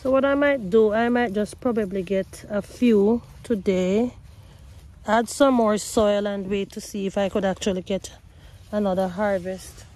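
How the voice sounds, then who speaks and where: A woman filming a casual gardening vlog outdoors beside her potato patch, talking excitedly to her viewers on her own camera. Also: medium pitch, unhurried. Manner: excitable, talks to viewers as guys. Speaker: gardening vlogger. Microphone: self-filmed camera.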